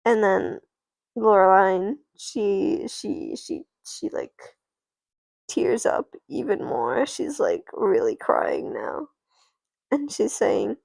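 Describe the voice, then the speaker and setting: A woman's voice: mid-range voice, big pitch swings, slow pace, vocal fry, a little mellow, dry recording. A woman casually narrating her doll play, rambling and often stopping herself mid-sentence. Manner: rambling, self-interrupting.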